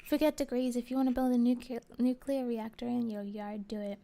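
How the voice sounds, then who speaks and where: A woman streamer chatting casually and answering viewer comments, rambling and halting with many fillers. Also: a little high, fairly even intonation, creaky, a little hiss or hum. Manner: soft and gentle, with small laughs.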